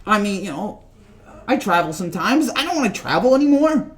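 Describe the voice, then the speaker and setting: Male sports vlogger with a high voice, rambling and jokey, casual rant. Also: sing-song, brisk, fairly bright tone. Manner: rambling, joking, repeats himself.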